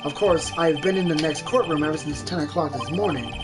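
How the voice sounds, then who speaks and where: A woman's voice: low voice, quick pace, lightly acted. A woman voicing a smug, arrogant male detective with an oily, self-satisfied drawl, over game music.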